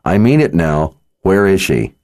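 A man's voice: low voice, very animated, measured pace, a little mellow. A man voicing an intense young male woodsman hero who speaks urgently and demandingly.

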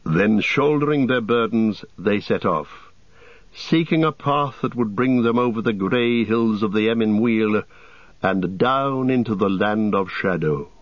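A man narrating an audiobook with a measured storytelling delivery. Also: fairly low pitch, dry recording. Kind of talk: scripted narration. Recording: dull audiobook studio sound.

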